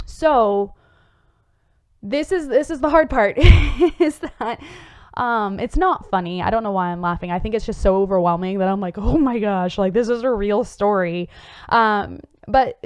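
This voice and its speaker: A woman's voice: mid-range voice, clear, resonant tone, no room sound. A woman hosting a psychology show, explaining in an earnest, casual way with many fillers and restarts.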